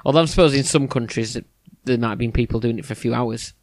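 A man's voice: mid-range voice, quick pace, no echo, clean studio sound. A man co-hosting a casual news chat, hesitant with many restarts. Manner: hesitant, lots of restarts and fillers. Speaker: podcast co-host.

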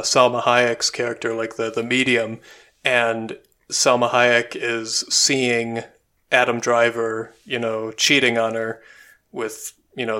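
A man's voice: mid-range voice, bright, forceful tone, clear, resonant tone. Man, casual film podcast chat, opinionated, plenty of ums and likes, mid-range voice. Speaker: podcast co-host.

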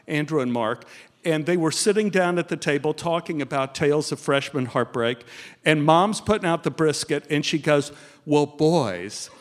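A middle-aged man telling a comic personal story on stage, acting out the dialogue with sudden jumps in pitch. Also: moderate pace. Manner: animated, acts out dialogue with big pitch jumps. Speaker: guest storyteller. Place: live theater stage. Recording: long hall reverb from live venue.

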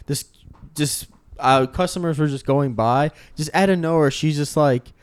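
A young man chats casually in a fairly high, smooth voice at a normal speed, with no room sound. He rambles through his stories, peppering them with lots of "like."

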